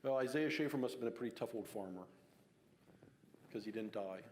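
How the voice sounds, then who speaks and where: A man's voice: fairly low pitch, brisk, a little mellow, slight background noise. A man from giving a casual public talk on local history, telling the story conversationally with fillers and restarts. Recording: long hall reverb.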